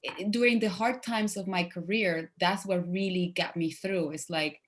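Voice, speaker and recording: A woman in her forties talks through an interview in English with a clear Spanish accent. She is animated, laughing often and slipping into playful acted-out quotes. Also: medium pitch, normal speed, few pauses. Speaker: guest actress. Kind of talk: casual interview chat.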